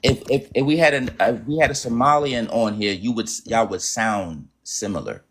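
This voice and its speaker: An insistent man hosts a casual livestream with callers. He repeats his points again and again and talks over anyone who strays. His voice sits at an everyday middle pitch. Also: normal speed. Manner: insistent, repeats himself, keeps cutting in. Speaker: livestream host.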